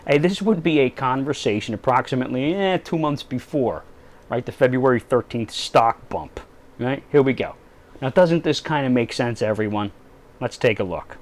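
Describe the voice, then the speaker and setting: Male political blogger, mocking, rambling, keeps checking in with "right?", mid-pitched voice. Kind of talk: satirical political commentary.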